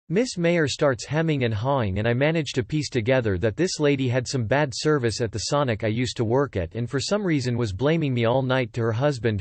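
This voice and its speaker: A man reads stories aloud in a steady, plain manner. The sound is dry and close, with almost no room around it. His pitch sits at an ordinary middle height. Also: no room sound. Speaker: story reader. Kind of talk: scripted narration.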